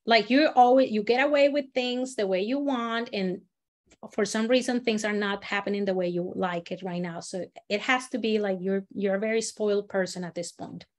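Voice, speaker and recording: A woman teaching a storytelling workshop, giving encouraging instructions and acting out sample lines with expressive voice changes. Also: mid-range voice, normal speed. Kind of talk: workshop instruction with acted demonstrations.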